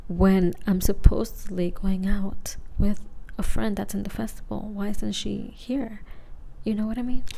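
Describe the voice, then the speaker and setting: A woman's voice: medium pitch, gravelly, warm tone. Young woman whispering a rambling story. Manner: rambling, casual, peppered with "like" and swearing. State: high. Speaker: ASMR storyteller.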